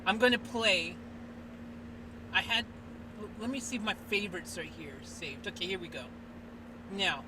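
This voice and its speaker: This stream host's voice sits high, moving at a moderate pace with long pauses. He chats and rambles casually through a live stream, using lots of fillers and restarts, as noisy hiss runs underneath.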